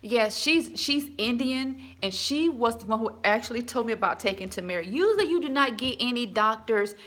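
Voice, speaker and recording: A woman's voice: a little high, lively intonation, moderate pace, fairly bright tone. A woman chatting casually with live viewers from her home, rambling with many restarts. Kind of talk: casual live-stream chat.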